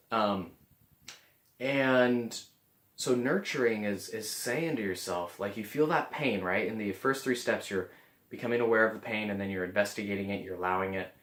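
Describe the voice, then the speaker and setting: A man's voice: on the low side, normal speed, fairly bright tone. A man vlogging in a casual, earnest way, often restarting his sentences as he talks to the camera. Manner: earnest, rambling with frequent restarts. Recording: roomy echo.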